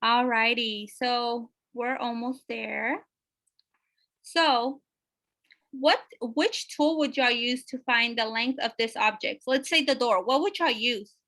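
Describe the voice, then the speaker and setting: Bright high-voiced woman teaching. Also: slow. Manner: checks in with questions, many fillers. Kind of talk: teaching a math lesson.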